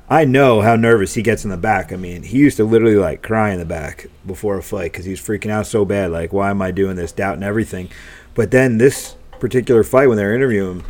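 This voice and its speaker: A man's voice: fairly low pitch, darkish tone. A middle-aged man co-hosting a podcast, chatting casually and telling candid stories about his kids, swearing freely. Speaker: podcast co-host. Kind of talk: casual chat.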